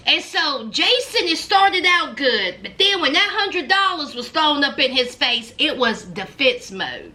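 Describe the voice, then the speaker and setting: A woman's voice: high-pitched, big pitch swings, a little slow, hardly any pauses, bright, forceful tone. A woman animatedly recapping reality show drama in a casual, storytelling way.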